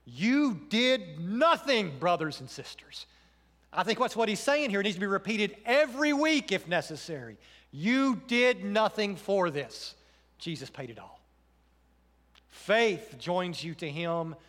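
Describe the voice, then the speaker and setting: Male pastor, high voice, earnest sermon with emphatic swells and soft drops, long church reverb. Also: big pitch swings, measured pace. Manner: earnest preaching, rising to emphatic questions then dropping soft.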